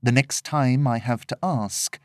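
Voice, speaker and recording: A man voicing a cold, calm, menacing swordsman, speaking slowly and with quiet threat in a storybook reading. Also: medium pitch, dry recording, studio quality, lightly acted. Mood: coldly threatening.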